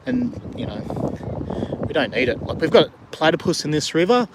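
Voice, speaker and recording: Out on a river kayak in the rain, a chatty middle-aged Australian vlogger and diver reads viewer comments during a casual live stream. His fairly high, gravelly voice is very animated at normal speed, friendly and rambling with many fillers, over a noisy background.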